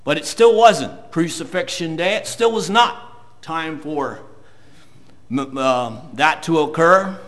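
A man preaching a sermon, reading scripture slowly and building to loud, emphatic points. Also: a little high. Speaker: pastor.

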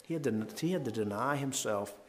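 A man with an ordinary, mid-range voice leads a Bible devotional. He reads the verses aloud and talks through them earnestly. He swells in pitch and volume whenever he wants a line to land. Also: animated, a little fast. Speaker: Bible teacher leading a devotional. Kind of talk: devotional Bible talk, reading scripture aloud.

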